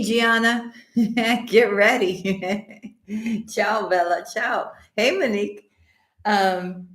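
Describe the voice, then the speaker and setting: A woman hosting a live tarot stream, greeting viewers by name and calling them sweetheart and honey, her voice slightly hoarse with the odd cough. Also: medium pitch, fairly bright tone. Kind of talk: casual live-stream chat and tarot reading. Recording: echoey room.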